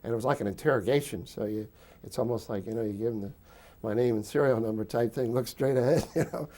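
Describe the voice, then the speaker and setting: A man's voice: mid-range voice, fast talker, mellow. An older man in an interview, recounting wartime memories as a rambling storyteller who chuckles often between fillers.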